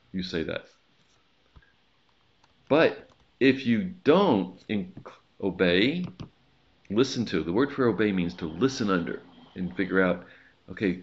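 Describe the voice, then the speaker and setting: Deep-voiced man preaching conversationally. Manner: conversational preaching with asides and jokes. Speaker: pastor. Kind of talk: sermon. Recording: slightly dull lo-fi recording.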